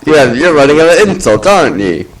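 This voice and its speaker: A man in an improvised comedy sketch, playing it straight with deadpan teasing. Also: fairly high pitch, brisk, far from the mic, rough recording. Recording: amateur recording with loud hiss.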